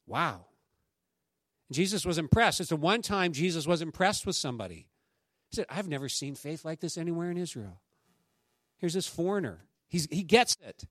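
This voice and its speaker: A man preaches in a notably high voice, keeping it conversational and lively as he acts out what the people in his stories say. The sound is close and dry, with almost no room around it. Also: dry recording. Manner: animated, conversational preaching with acted-out quotes. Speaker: pastor. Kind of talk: sermon.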